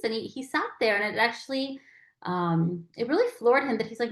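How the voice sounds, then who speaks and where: A woman's voice: medium pitch, expressive, moderate pace. Woman lecturing in an echoey room. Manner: conversational, acts out quoted phrases. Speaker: palliative care educator.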